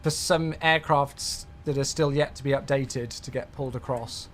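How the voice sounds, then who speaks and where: A British man in his thirties chatting casually on a live stream, excitable and effusive as he thanks his viewers. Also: medium pitch, moderate pace.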